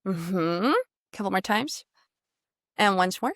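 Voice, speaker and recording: A woman's voice: mid-range voice, takes it slowly, a bit bright, no room sound, clean studio sound. A woman coaching pronunciation one-on-one. She models sounds, sings them out and praises often.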